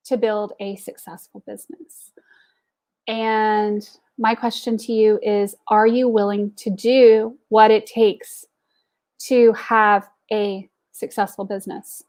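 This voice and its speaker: A middle-aged woman hosts a live stream with a fairly high, upbeat voice. She talks directly to her viewers, mixing encouragement with little jokes and stories. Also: measured pace, darkish tone. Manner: tells jokes and anecdotes. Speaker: host of an online women's business group. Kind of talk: live-stream pep talk.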